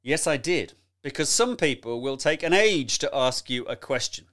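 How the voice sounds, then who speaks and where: A man coaching on presentation skills in a chatty, animated teaching talk, addressing the listener directly and laughing often. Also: medium pitch, moderate pace.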